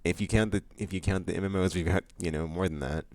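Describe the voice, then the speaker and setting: A man hosting his monthly vlog, chatting loosely with lots of fillers, restarts and bursts of excitement. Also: low-pitched, quick pace, dry recording. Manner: excitable outbursts about upcoming games. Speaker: vlog host. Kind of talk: casual rambling monthly vlog chat.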